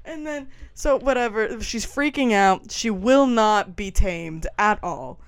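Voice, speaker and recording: A young woman co-hosting a podcast tells a story in a casual, animated way, laughing often. Her voice is mid-range and slow, captured in a dry recording.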